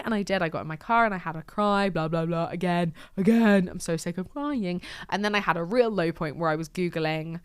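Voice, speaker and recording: A young woman in her twenties talks through her week in a casual diary podcast. Her voice sits on the low side and sounds smooth and clear. The delivery is chatty and self-deprecating, with laughs and the odd swear word, recorded close and dry. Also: fast, dry recording. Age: 20s. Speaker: podcast host. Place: lives in Glasgow.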